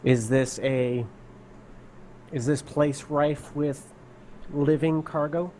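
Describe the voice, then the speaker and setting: A man's voice: on the high side, fairly even intonation, slow pace, mellow, slight background noise, poor audio. A man playing his character in a tabletop game, speaking in a formal, courteous way. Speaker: player.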